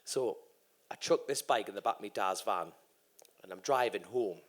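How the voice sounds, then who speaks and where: This is animated live storytelling from a thirtysomething man who races and is guesting at a podcast event on stage. His lowish voice moves at a moderate pace as he curses his way through a long tale, acting out what each person said.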